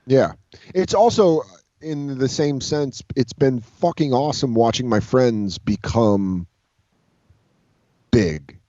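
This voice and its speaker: A man's voice: medium pitch, slow, long pauses, no room sound. A man, a comedian guest, telling rambling stories in casual interview talk, cursing freely and acting out other people's lines. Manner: rambling, profane, animated quoting of others. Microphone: video call. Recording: dull lo-fi video call audio.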